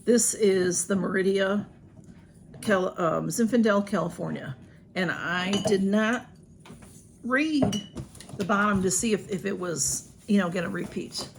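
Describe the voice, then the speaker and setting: A woman's voice: medium pitch, measured pace, gravelly, a little hiss or hum. A woman, chatting casually through an unboxing with lots of ums and restarts. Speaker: vlogger. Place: home room with a ring light.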